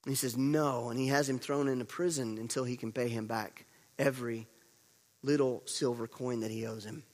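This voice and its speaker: A man preaching a sermon as pastor, moving between loud urgent storytelling and quiet hushed emphasis, repeating words to drive points home. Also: medium pitch, steady tone, a little fast. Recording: long reverb of a large hall.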